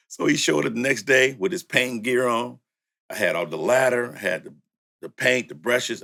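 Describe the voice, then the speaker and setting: A man's voice: mid-range voice, moderate pace, vocal fry, sharp tone. An older man, a music producer, tells stories in a laid-back, casual way, laughing often and saying "you know" a lot. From Louisiana and San Francisco. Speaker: music producer and studio owner. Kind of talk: storytelling in casual conversation.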